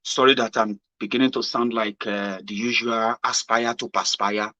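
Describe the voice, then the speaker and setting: A man with a Nigerian accent, mixing in Pidgin, giving a casual motivational monologue as a host. He swings from loud exclamations to low murmurs. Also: fairly even intonation, moderate pace, dry recording. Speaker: political commentary host. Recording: dull lo-fi sound.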